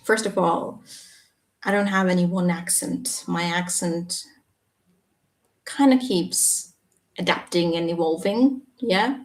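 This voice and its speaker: A woman teaching English on a live stream, explaining patiently and checking in with a quick "yeah?". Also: fairly low pitch. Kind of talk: live Q&A reading viewer comments. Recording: echoey room, voice a bit far from the mic.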